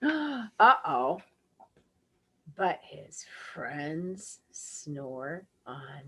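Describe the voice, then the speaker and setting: A woman reading a picture book aloud to children in an animated, dramatic way, with gasps and asides. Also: low voice, very slow, a little hiss or hum. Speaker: storybook reader.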